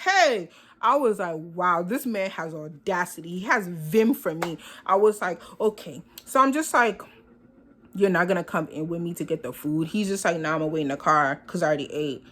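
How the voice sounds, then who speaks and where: A woman's voice: fairly low pitch, expressive, normal speed. A young woman vlogger telling a storytime in a sassy, dramatic way, acting out both sides of the conversation.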